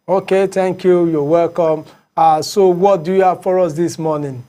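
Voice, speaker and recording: A man's voice: sits high, fairly even intonation, moderate pace, warm tone. A man hosting a morning show, reading headlines with many fillers and repeats. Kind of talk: reading headlines and taking calls.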